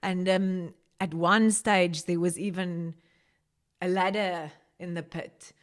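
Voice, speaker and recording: Woman guest from South Africa, low voice, conversational testimony, emotional. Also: fairly even intonation, slow. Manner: emotional, rising pitch when recounting prayer. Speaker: podcast guest.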